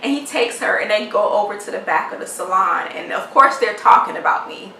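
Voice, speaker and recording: A woman vlogger telling a story to the camera in a casual, animated and exasperated way, acting out the people in it. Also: medium pitch, brisk, vocal fry. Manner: animated, exasperated retelling with quoted dialogue. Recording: echoey room, mic at a distance, faint noise.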